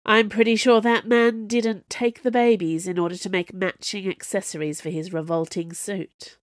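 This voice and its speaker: A woman voicing a calm, knowing retired woman assassin in an audiobook, speaking gently. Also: mid-range voice, moderate pace, no room sound, clean studio sound, lightly acted.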